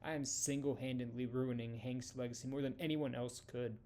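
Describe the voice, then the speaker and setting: A man's voice: medium pitch, steady tone, moderate pace, warm tone, close to an everyday voice. A man putting on a distraught grieving heroine. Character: grieving middle-aged woman hero, fierce when pushed.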